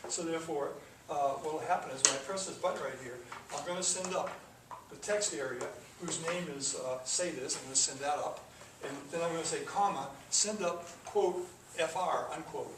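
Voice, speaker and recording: A man's voice: a little high, moderate pace, hardly any pauses. A man teaching a classroom coding lesson, talking through the code step by step with casual asides. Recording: echoey classroom from far off with noise.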